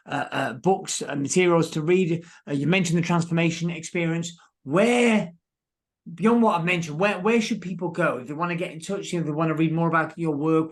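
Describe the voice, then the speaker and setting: Male podcast host, slightly high pitch, halting filler-heavy questions. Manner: hesitant, many "uh" fillers. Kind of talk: casual podcast interview.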